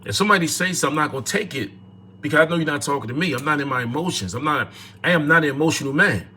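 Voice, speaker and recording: Bright, emphatic man ranting on a livestream. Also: fairly high pitch, lively intonation, very fast, a little hiss or hum. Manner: emphatic, repetitive, preachy. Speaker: livestream host. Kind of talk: casual live talk.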